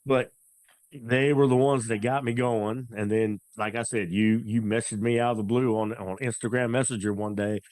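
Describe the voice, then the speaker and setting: A man with a Southern American twang chatting casually on a podcast, laid-back and halting, often repeating words. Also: medium pitch, little pitch movement, darkish tone, no echo. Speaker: former co-host, now hunting podcaster. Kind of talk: casual chat.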